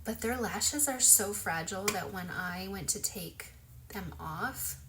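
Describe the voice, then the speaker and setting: A woman's voice: mid-range voice, measured pace, noisy background. Chatty woman giving a lash tutorial. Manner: chatty, loose, full of "like" and "um". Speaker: beauty vlogger. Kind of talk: casual makeup tutorial.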